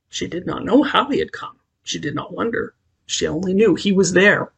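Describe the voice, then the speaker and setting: An audiobook narrator reads a story in a measured, expressive way. The voice is gravelly and strongly husky, sitting at an ordinary middle pitch. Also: muffled recording.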